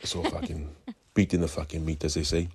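A man's voice: a bass voice, little pitch movement, a little fast, darkish tone, breathy edge. A Welsh man calling in to tell a rambling story, swearing constantly. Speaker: caller. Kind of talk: recorded call-in story.

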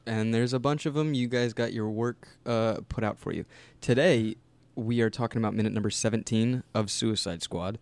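A man's voice: fairly low pitch, fairly even intonation, normal speed, hardly any pauses, darkish tone, smooth, no echo. A man hosting a casual podcast chat, laid-back and joking, often trailing off mid-sentence. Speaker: podcast host.

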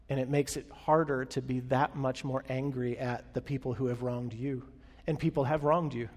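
A man preaching a sermon as pastor, talking conversationally and asking the room questions, swelling and dropping his loudness for emphasis. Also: mid-range voice. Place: large hall with an audience. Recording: long hall reverb.

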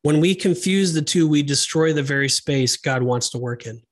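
A man co-hosting a faith podcast, talking in an earnest, emphatic, animated way. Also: on the high side, moderate pace. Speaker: podcast co-host. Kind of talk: casual faith discussion.

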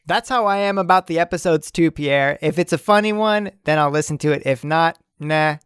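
A man's voice: on the high side, normal speed, a bit bright, smooth, no echo, studio quality. Joking male podcast co-host. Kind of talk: casual chat.

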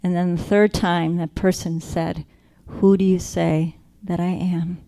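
A woman sharing a personal faith testimony, earnest and reflective, slowing down to stress key moments. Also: on the low side, level tone, vocal fry, mellow. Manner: earnest, reflective, slows down for emphasis.

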